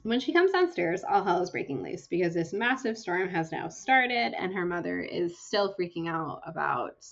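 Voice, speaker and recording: A young woman co-hosting a casual book podcast, retelling chapters in a chatty, lively way with lots of fillers. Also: on the low side, normal speed, hardly any pauses, highs cut off. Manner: chatty, animated storytelling with fillers. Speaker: podcast co-host.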